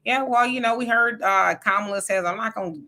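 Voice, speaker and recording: A woman's voice: fairly high pitch, fairly quick, sharp tone. A woman hosting a livestream in a casual, chatty way, greeting viewers by name and reading their comments aloud. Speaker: livestream host.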